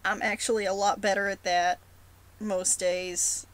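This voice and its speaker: A woman's voice: medium pitch, little pitch movement, unhurried, poor audio. A woman with a sore throat talking casually to her followers in a rambling, self-deprecating way. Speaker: roleplay blogger. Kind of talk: casual vlog talk.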